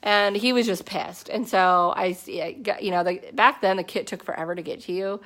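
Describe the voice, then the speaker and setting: A woman in her thirties tells her own story in a loose, chatty way. She fills her talk with "like" and quick asides. Her voice sits at an ordinary middle pitch and lifts sharply when she quotes herself. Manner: chatty, animated storytelling with many fillers. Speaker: network marketing distributor. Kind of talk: casual personal testimony to a team.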